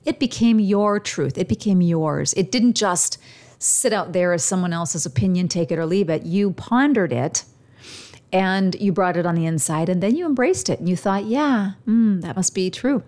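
A woman hosting a motivational self-help show, talking slowly and gently, pausing often as she guides listeners through reflection. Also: on the low side, animated. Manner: slow, gentle, reflective delivery with pauses. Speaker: show host.

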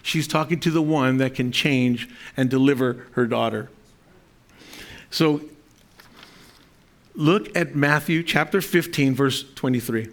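A man's voice: medium pitch, unhurried, pauses often. A man preaching a sermon to a congregation. He reads scripture aloud, explains it, and often restarts his sentences. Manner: speaks to a congregation, asking for amens. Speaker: pastor.

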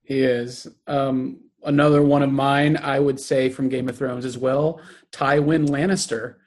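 A co-host chatting casually, relaxed and laughing often. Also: mid-range voice, unhurried. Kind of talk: casual chat.

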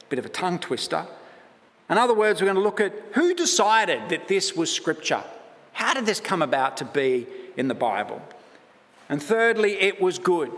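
Chatty Australian preacher in a reverberant hall. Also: male voice, high-pitched. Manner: chatty, self-deprecating, lively asides. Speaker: pastor. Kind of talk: sermon.

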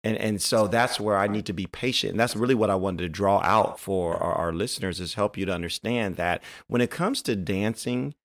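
A male podcast host with a somewhat low voice talks in an earnest, encouraging way. He circles back and repeats his main points as he speaks to his listeners. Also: brisk, hardly any pauses. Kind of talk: faith-based podcast conversation.

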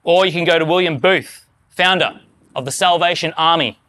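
A man's voice: on the high side, normal speed, bright, forceful tone. A man preaching a sermon to his congregation, earnest and rising to fervent emphasis. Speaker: pastor.

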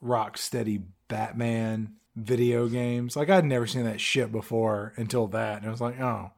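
Male podcast co-host, mid pitch, blunt and sarcastic, casual swearing. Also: fairly even intonation, normal speed, darkish tone. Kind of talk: casual movie recap chat.

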